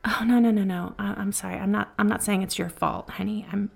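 A woman voicing a flirty, caring female bartender in a whispered role-play, speaking softly, slowly and soothingly, with a teasing edge. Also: medium pitch, steady tone, gravelly. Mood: tender. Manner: soft, slow, soothing, teasing.

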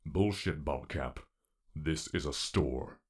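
A man voicing a slow, sneering male pony gang boss in a read-aloud story. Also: a bass voice, darkish tone, breathy edge, voice pushed down, full character voice. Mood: menacing. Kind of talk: audiobook character reading.

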